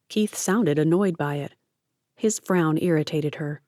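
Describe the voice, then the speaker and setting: A woman narrating an audiobook in a steady, measured reading voice. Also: sits low, no echo, clean studio sound. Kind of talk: scripted narration.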